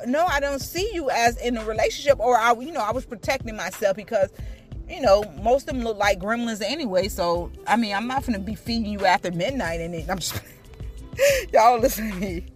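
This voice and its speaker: An older woman, chatting casually about Bible teaching to viewers, playful and animated, often laughing and singing bits of phrases. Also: fairly quick, faint music behind. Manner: animated, with sudden high pitch jumps. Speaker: faith talk host.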